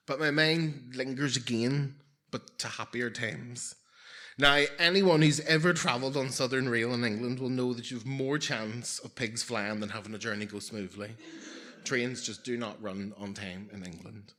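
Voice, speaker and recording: A man's voice: medium pitch, moderate pace, sharp tone. A man in his forties telling a personal story live on stage, with wry, self-mocking humour and comic timing.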